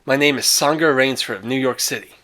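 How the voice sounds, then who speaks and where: A man reading a short story aloud, voicing a stranded, anxious young hunter who talks earnestly and louder than his narration. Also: mid-range voice, a little fast, natural voice. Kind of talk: read-aloud character voice.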